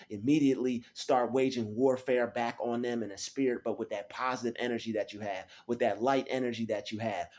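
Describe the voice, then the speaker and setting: Man, mid-pitched voice, spiritual vlog talk, repetitive affirmations, small private room. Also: darkish tone. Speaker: spiritual vlogger.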